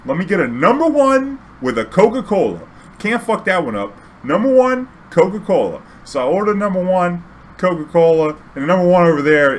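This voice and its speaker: A man spins a casual story in a laid-back, slangy way. His voice sits in an ordinary middle pitch and gets animated when he quotes himself. Faint noise hums under the recording. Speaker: streamer telling a story.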